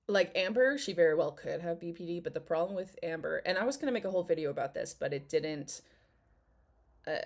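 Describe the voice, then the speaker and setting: A woman's voice: low voice, creaky. A woman vlogger chatting casually in commentary, candid and opinionated, hedging with fillers.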